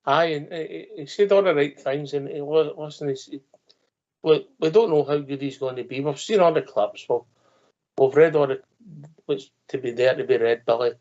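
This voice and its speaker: A man's voice: on the high side, normal speed, darkish tone, lo-fi sound. A man hosting a radio phone-in, chatting casually and joking with his co-hosts. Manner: joking, chatty, tends to ramble. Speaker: phone-in host.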